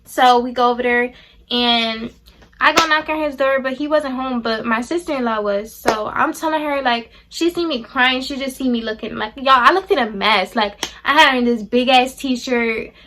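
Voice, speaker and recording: A woman's voice: fairly high pitch, normal speed, background noise. A young adult woman telling a personal story to her viewers, blunt and profane, acting out the people she quotes. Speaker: vlogger. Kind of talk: storytime chat to camera.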